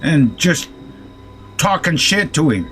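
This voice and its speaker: A man's voice: a little high, animated, slow pace, fairly bright tone. A man telling a rambling, profane story while playing a game. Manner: profane, rambling anecdote with quoted threats. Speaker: gaming streamer. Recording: faint music underneath.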